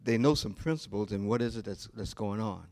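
A male pastor preaching a sermon, telling a story in a slow, deliberate way with pauses. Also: lowish voice, darkish tone.

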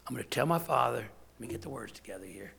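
A man's voice: medium pitch, lively intonation, fast talker, creaky, sharp tone, breathy edge. A man serving as deacon, preaching a sermon in an emphatic, conversational way, with lots of repetition.

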